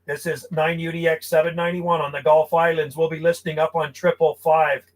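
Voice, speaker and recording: A man from Canada chatting and calling stations live from his home radio room as a ham radio operator, friendly and relaxed. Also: on the high side, a little fast, poor audio.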